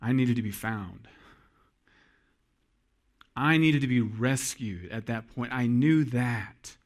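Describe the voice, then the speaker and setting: A man in his forties, a pastor preaching a sermon to his congregation in an earnest storytelling manner, pausing for emphasis. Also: mid-range voice. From Iowa.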